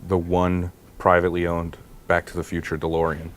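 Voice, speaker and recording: A man with a very low voice chatting on a comedy club stage. He talks in a halting, deadpan way, stumbling and restarting his sentences. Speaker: guest comedian. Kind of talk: onstage interview chat.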